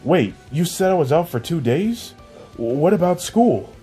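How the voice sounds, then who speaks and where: A man voicing a polite, nervous teenage boy hero who speaks softly and stammers, over faint music. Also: on the low side, animated, measured pace. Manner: soft-spoken, hesitant, stammers.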